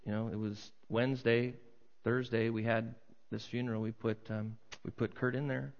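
A man's voice: mid-range voice, flat delivery, moderate pace, gravelly. A middle-aged man preaching a sermon in a conversational way, now and then acting out voices from a crowd. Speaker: pastor. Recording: muffled sound with long hall reverb.

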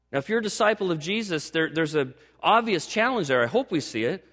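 A man's voice: a little high, a little fast. Older male pastor preaching in a hall. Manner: animated storytelling, rising to emphatic exhortation. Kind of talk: sermon.

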